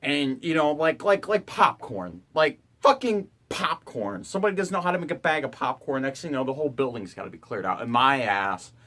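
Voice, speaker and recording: A man's voice: medium pitch, sing-song, fairly quick, few pauses, fairly bright tone. A young man and college student ranting to camera in his dorm room, exasperated and profane. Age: young adult. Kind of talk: ranting vlog.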